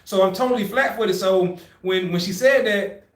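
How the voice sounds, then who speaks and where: A young man with a lively storytelling manner, chatting on a podcast. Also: high-pitched, moderate pace, roomy sound. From Brooklyn, New York. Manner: animated storyteller acting out quotes. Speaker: podcast co-host. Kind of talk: casual storytelling chat.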